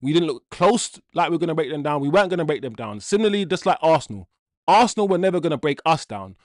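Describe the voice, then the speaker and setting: Male watch-along host, frustrated rant full of curses, fairly high voice, dry close sound. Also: animated, fast, no room sound. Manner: exasperated ranting with frequent swearing; repeats himself while venting. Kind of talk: live football watch-along commentary.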